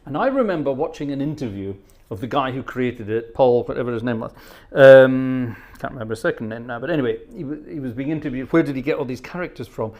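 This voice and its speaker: A middle-aged man talks in a relaxed, rambling way about his old church choir, like an organist chatting between pieces on a live stream. His voice sits at an ordinary male pitch. He slips into little hummed choir lines and mimicked voices as he goes. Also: fast talker. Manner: chatty storyteller who hums choir parts and mimics voices. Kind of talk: casual anecdotal chat during a live stream.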